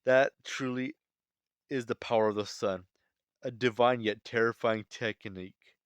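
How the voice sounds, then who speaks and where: A man reading as an awed male war god, slow delivery, dry close sound. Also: medium pitch, steady tone, clean tone, no echo, lightly acted.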